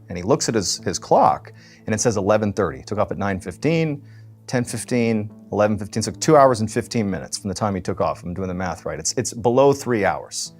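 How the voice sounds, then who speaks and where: A man's voice: fairly low pitch, animated, a little fast, darkish tone, soft background music. A man telling a story in a casual, rambling way, with frequent restarts and fillers.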